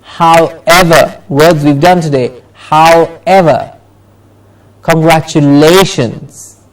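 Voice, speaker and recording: A man teaching a pronunciation class, modelling words slowly and carefully, drawing them out for his students to repeat. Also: on the high side. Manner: slow, drawn-out modelling of words. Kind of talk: classroom lesson. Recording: voice from far off the mic.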